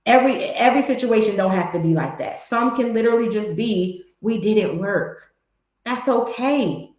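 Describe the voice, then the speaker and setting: A woman's voice: a little high, expressive, brisk, darkish tone. Candid woman with an echoey sound. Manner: candid, emphatic, talks straight to viewers. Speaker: host. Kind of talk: motivational vlog talk.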